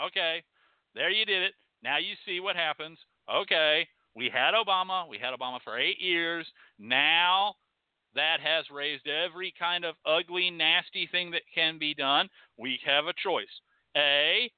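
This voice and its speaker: A man's voice: fairly high pitch, unhurried, clear, resonant tone, dry recording. A man with a Southern US accent hosting a call-in show, delivering a fiery, profane, rhetorical monologue full of repeated phrases. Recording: tinny phone-like dry sound.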